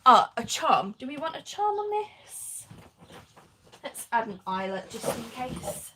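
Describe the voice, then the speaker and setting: A woman's voice: sits high, big pitch swings, unhurried, background noise. A woman chatting casually as she crafts on a live stream, laughing often and answering viewer comments. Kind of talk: casual chat while crafting.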